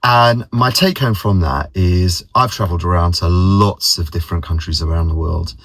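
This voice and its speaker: Casual vlogger: man, very low voice, dry close sound, rambling anecdotes. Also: a bit bright, dry recording. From London, England. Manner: rambling, repeats words, mimics others' voices in anecdotes. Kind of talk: casual personal storytelling.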